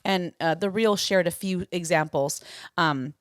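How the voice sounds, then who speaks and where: A woman's voice: fairly low pitch, a little slow, no room sound, studio quality. A tired young woman co-hosting a podcast, talking candidly in a rambling casual chat. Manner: candid, hedging, rambling with restarts. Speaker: podcast co-host.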